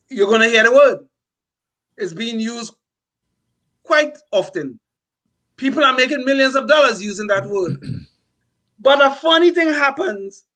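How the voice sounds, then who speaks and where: A man's voice: very high voice, bright, forceful tone, poor audio. An older man talking as a podcast co-host, impassioned and emphatic, often repeating words as he builds a point. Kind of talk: opinionated political talk.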